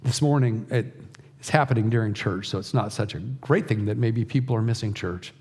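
Earnest middle-aged man preaching, mellow voice. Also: lowish voice, slightly rough. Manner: earnest, slow emphatic delivery with soft, hushed passages. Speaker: pastor. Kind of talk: sermon.

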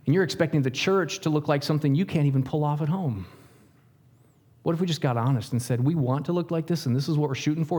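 A male pastor preaching a sermon in an animated way, with jokes and questions to the congregation. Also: on the high side, slightly rough, big-room sound.

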